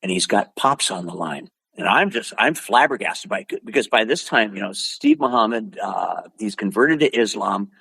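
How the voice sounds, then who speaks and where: An older man from Oregon spins his stories with a lively, swooping delivery and a husky edge to his voice. He acts out other people's lines as he goes. The sound is close and dry, with little room around it. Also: lowish voice, normal speed, few pauses, no echo. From Oregon, USA. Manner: lively storyteller acting out quotes. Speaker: guest, martial arts instructor. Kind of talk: animated storytelling.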